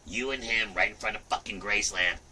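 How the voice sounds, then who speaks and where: A middle-aged man rambles through a casual livestream, swearing freely and breaking into sudden loud outbursts. His voice sits a little low but has a very bright, hard edge. The mic picks him up from a distance. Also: brisk, slightly rough. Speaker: livestream host.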